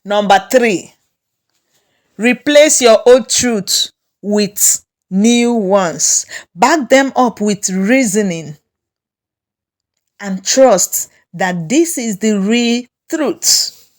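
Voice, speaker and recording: A woman with a Nigerian English accent giving a slow, repetitive self-help lesson, coaching listeners through their feelings. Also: mid-range voice, animated.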